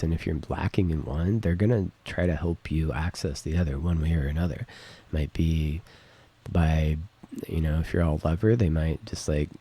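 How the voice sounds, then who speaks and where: Middle-aged male host, deep husky voice, rambling reflective monologue, home studio mic. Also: warm tone. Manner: rambling, lots of fillers and "right?". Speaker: podcast host. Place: home recording setup. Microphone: studio microphone with interface.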